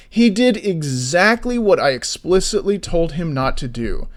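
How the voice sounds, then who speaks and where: A man's voice: on the high side, a little slow. Swearing, ranting male game developer. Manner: swears freely, animated ranting storyteller; slides into explanatory commentary. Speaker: indie game developer streaming. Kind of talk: casual livestream chat.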